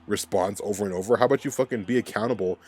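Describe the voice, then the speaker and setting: A man's voice: lowish voice, rapid-fire, a little mellow. A man hosting a fan recap podcast, ranting in an angry, profane, rambling way. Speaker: podcast host.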